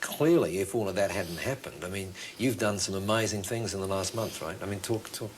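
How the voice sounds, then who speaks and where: Deep-voiced male interviewer. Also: a little fast, background noise. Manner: hesitant, restarts while framing questions. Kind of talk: casual interview.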